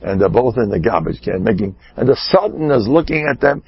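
A rabbi giving an animated sermon, swinging between shouting and hushed asides, with Yiddish and Hebrew words woven in. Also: male voice, fairly low pitch, a little fast, creaky, husky, no room sound, lo-fi sound. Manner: peppers speech with Yiddish and Hebrew terms. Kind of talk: sermon storytelling.

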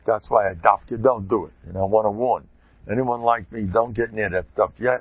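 A religious lecturer gives an informal Torah talk, animated and digressive, tossing in chuckling asides. His voice is fairly low and a bit breathy, moving a little fast, on a dull lo-fi recording with no room sound.

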